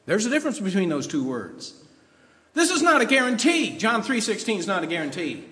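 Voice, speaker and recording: A male preacher delivering an emphatic sermon, quoting scripture and posing rhetorical questions. His voice sits high and moves in lively leaps of pitch. The sound carries a long hall reverb.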